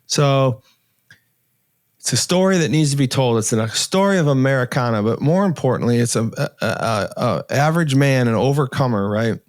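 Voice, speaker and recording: A man in his sixties, a podcast guest, telling a personal story in an earnest, halting way with many restarts and pauses. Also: medium pitch, expressive, no echo, studio quality. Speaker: podcast guest, author and entrepreneur.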